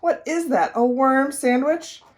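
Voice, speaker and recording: A woman's voice: high-pitched, unhurried, voice pushed up. A woman voicing a teasing young schoolboy who mocks his classmate's lunches. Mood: mocking. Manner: scornful, teasing.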